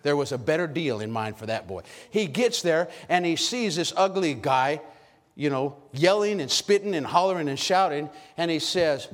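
A man preaching a sermon with lots of energy, calling out questions to the congregation and shouting at high points. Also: animated, normal speed. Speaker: pastor. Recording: long hall reverb.

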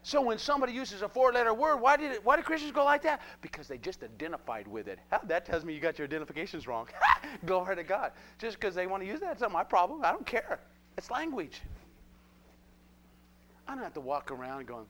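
Male preacher, live sermon, animated, rhetorical questions to the crowd, somewhat high voice. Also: fairly quick.

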